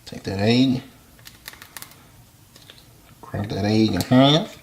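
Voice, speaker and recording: Low-voiced man teaching home cooking. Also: very slow, slight background noise. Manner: folksy, relaxed step-by-step instructions, often quiet. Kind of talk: casual cooking demonstration.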